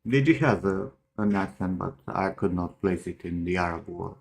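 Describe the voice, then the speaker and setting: A man with a low, gravelly voice trades teasing remarks on a live stream. His delivery is dry and offhand, like casual banter between friends. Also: normal speed.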